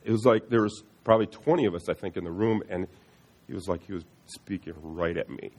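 A middle-aged man sharing a personal faith testimony in an earnest, halting way, often restarting and repeating words. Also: sits low, a little mellow.

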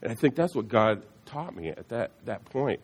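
A middle-aged man sharing a personal faith testimony in an earnest, halting way, often restarting and repeating words. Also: medium pitch, sing-song, darkish tone, breathy edge.

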